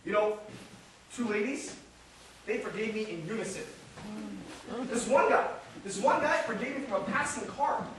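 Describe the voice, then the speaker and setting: A man's voice: sits high, normal speed, long pauses. A man playing a restless, witty jobless New Yorker. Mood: excited. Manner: rambling, animated, mimics passers-by. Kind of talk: stage monologue. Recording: echoey room from far off, noisy.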